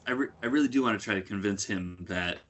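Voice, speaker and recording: A man's voice: lowish voice, fast talker, fairly bright tone, lo-fi sound. A man playing a tabletop game, arguing insistently in character. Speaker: player. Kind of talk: casual tabletop play.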